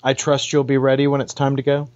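A man voicing a stern, dignified old tribal elder grandfather who speaks in a formal, measured way. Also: medium pitch, completely flat delivery, darkish tone, voice pushed up, close to an everyday voice. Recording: dull lo-fi.

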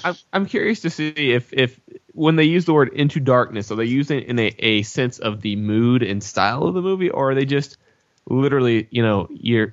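A man's voice: on the low side, dry recording. A man hosting a casual chat, wry and steering the topic along. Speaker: podcast host. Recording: dull lo-fi sound.

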